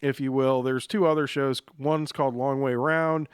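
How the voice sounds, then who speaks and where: A man hosts a podcast in a relaxed, rambling way, with lots of ums and uhs. His voice is smooth and clear at a middle pitch. The sound is dry and close. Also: normal speed, no echo. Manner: relaxed, rambling, many fillers. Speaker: podcast host. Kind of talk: casual chat.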